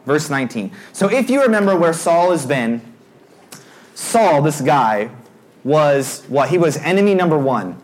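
A young man preaching to a youth group, telling a story in a lively way and acting out his own panic in character voices. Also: a little high, unhurried. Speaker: youth pastor. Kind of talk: storytelling sermon.

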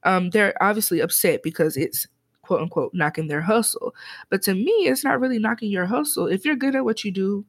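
A woman co-hosting a podcast, talking in an animated, casual way. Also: medium pitch, a little fast, breathy edge. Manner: animated, laughs often. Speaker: podcast co-host. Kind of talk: casual chat.

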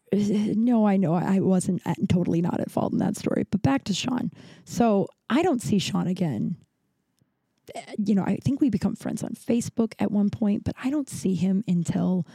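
A woman in her thirties tells a long personal story on her podcast, wandering off and correcting herself, peppering it with fillers and curses. Her voice is mellow and warm. The sound is dry and close, with no room around it. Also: medium pitch, no room sound. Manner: rambling, profane, lots of fillers and self-corrections. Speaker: podcast host. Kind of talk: casual storytelling monologue.

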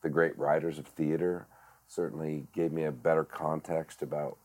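Deep-voiced middle-aged guy, slow halting storytelling, lots of uhs. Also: flat delivery, a little mellow. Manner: halting, many fillers and restarts. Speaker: guest, director and actor. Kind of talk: reflective storytelling.

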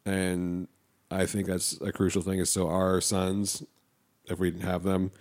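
A man's voice: deep voice, completely flat delivery, unhurried, a little mellow. A man talking in a casual podcast chat, rambling and hesitant, often repeating his words.

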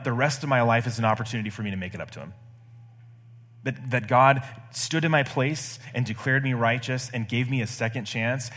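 Male pastor, sermon, earnest, repeats phrases, husky voice, long church reverb. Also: mid-range voice, a bit bright. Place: church sanctuary.

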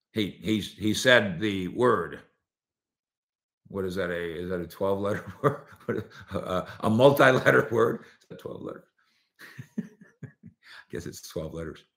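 On his sports opinion show, a low-voiced male host is lively and sarcastic, performing impressions of what players and coaches have said.

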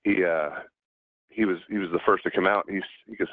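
Middle-aged Southern man, interview guest, halting storyteller, low voice over a tinny line. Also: fairly even intonation, no room sound. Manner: halting, many restarts and fillers. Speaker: guest, former pro pitcher. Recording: dry, tinny phone-like line.

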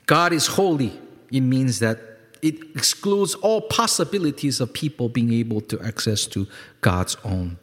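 A male pastor preaching a sermon, emphatic and repetitive, swinging from loud peaks to quiet lows and calling on the congregation to respond. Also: lively intonation, unhurried. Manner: repeats words for emphasis, asks congregation to respond. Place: church sanctuary. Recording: long hall reverb.

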